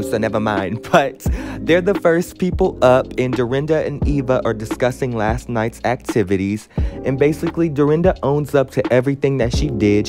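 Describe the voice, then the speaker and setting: A man hosting a casual recap podcast, talking brashly with plenty of swearing and chatty asides. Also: mid-range voice. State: out of breath. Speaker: podcast host recapping a reality show. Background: music playing underneath.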